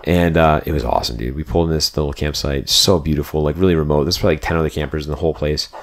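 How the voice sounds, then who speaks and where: A man's voice: extremely low pitch, rapid-fire. A young man telling a road trip story in casual, rambling podcast chat, full of "like" and "dude". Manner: rambling, animated, fillers like "like" and "dude".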